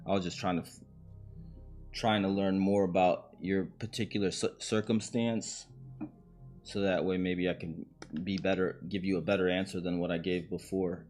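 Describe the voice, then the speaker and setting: A man's voice: low voice, level tone, normal speed, a little mellow, faint music behind. A man hosting a live-streamed podcast, joking and reacting to clips in a casual, slangy way. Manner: uses slang and swearing. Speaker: podcast host.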